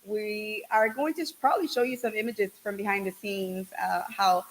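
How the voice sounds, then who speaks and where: A woman co-hosting a casual livestream, bubbly and effusive as she gives shout-outs to viewers. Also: mid-range voice, fairly even intonation, normal speed, a little hiss or hum, low-quality recording. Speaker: podcast host. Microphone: single shared microphone.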